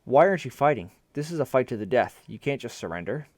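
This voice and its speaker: A man voicing a furious, arrogant male ambassador in a storybook reading, speaking loudly and angrily. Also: mid-range voice, very animated, quick pace, no echo, clean studio sound. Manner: loud, angry, commanding.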